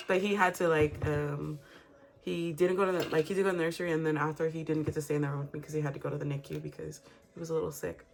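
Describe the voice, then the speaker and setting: A woman's voice: low voice, level tone, fast talker, creaky. A young woman vlogger, telling a story in casual, profane chat and acting out the quotes. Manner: candid and profane, acts out quotes.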